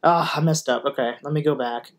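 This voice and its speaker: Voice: medium pitch, fairly quick. Gushing music producer reacting to metal. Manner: gushing, exclamatory, rambling. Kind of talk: casual reaction commentary.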